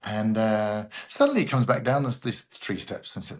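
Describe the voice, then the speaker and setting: A man, a guest voice actor, telling animated anecdotes and acting out the people in them. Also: on the low side, a little slow. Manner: animated raconteur who acts out other people. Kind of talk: anecdotal interview storytelling.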